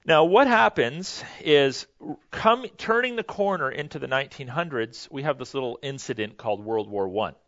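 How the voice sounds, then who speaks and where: A man teaching a history lesson in a loose, conversational way, pausing with fillers and correcting himself as he goes. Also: medium pitch, lively intonation, a bit bright, dry recording, lo-fi sound. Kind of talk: history lecture to a class.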